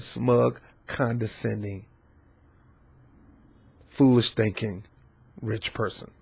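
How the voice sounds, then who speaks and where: A man's voice: mid-range voice, steady tone, a little slow, gravelly, long pauses, slightly rough. A man hosting an opinion vlog who talks in a preachy, fired-up way and quotes scripture. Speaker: vlog host.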